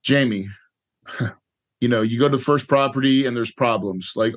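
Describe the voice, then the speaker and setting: A middle-aged man, a real estate investor appearing as a podcast guest, tells a personal story in a candid interview, speaking at a normal speed with a medium pitch and frequent pauses. He is emotional and repetitive, often tagging his lines with "right?" and "dude".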